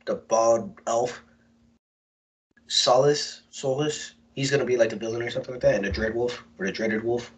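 Slangy, animated man chatting. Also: mid-range voice, normal speed. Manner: animated, slangy, swears a lot. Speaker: podcast co-host. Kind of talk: casual chat.

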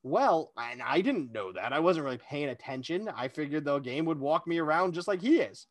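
A man's voice: on the high side, expressive, moderate pace, no echo. A man co-hosting a casual chat, telling a long self-deprecating story with lots of energy. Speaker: podcast co-host.

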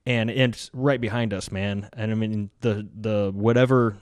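A man, a military veteran, telling war stories in a loose, animated, casual podcast conversation. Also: fairly low pitch, unhurried, smooth, no echo.

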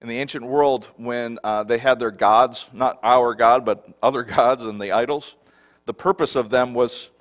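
A middle-aged man preaching a sermon as a pastor. He moves between soft, low passages and loud, emphatic declarations, and puts repeated questions to the congregation. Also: fairly even intonation, moderate pace.

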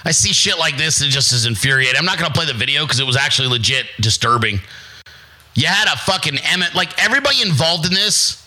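Male host, forties, profane defiant rant, slightly high, bright voice. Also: expressive, fast, low-quality recording. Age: 40s. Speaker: livestream host. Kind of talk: casual ranting monologue.

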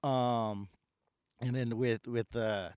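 A man who works as a store door greeter rants casually about his customer service job, swearing and impersonating the customers he deals with. His mid-range voice is clear, resonant, and slightly mellow, with fairly even intonation and a slow pace, recorded with no room sound.

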